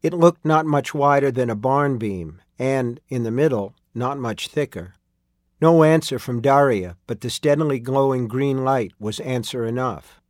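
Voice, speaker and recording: A man narrating a story in a steady storytelling read. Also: medium pitch, unhurried, no room sound, clean studio sound. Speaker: audiobook narrator. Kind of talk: scripted narration.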